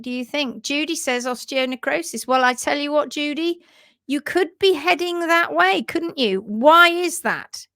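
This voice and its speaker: A woman's voice: high voice, a bit bright, dry recording. A woman hosting a casual livestream, upbeat and chatty, reading out viewer comments and teaching about hoof care.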